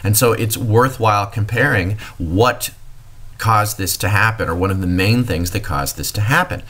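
A man's voice: fairly low pitch, moderate pace, a bit bright. A man giving a recorded history lecture, explaining to students and addressing them directly.

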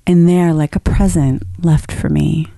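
A woman guest on a podcast in casual chat, a frank, animated storyteller who laughs often. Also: sits low, a little slow, gravelly, no room sound. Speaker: podcast guest, Reiki healer and former esthetician.

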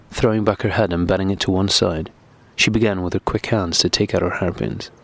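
A man narrating a classic novel as an audiobook in a steady, even reading. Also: deep voice, gravelly.

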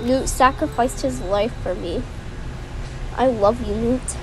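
A woman giving casual commentary while playing a game, excitable and melodramatic, swinging from mumbling to yelling. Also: a little high, slow, rough recording. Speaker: gameplay commentator. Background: game music.

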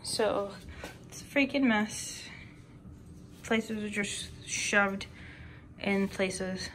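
A woman's voice: medium pitch, extremely slow, fairly bright tone, slight background noise. A woman chatting casually to a phone camera at home in a rambling vlog, with lots of fillers. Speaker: vlogger.

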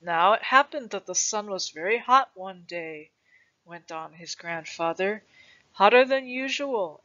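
A reader voicing an old grandfather who tells a legend to his grandson in a patient, gentle way. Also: mid-range voice. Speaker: storyteller. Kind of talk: storybook reading. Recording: dull lo-fi recording.

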